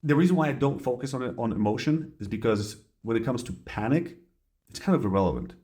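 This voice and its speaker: A male therapist talks through a coping exercise in a relaxed, conversational way. He drops into worried inner voices to illustrate anxious thoughts, then comes back to plain explanation. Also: mid-range voice, fast talker. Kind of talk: casual teaching talk.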